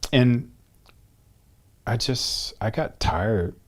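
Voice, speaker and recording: A man's voice: mid-range voice, drawn-out words. A middle-aged man from the United States, a guest in an interview, candidly telling a personal story and acting out both sides of remembered conversations.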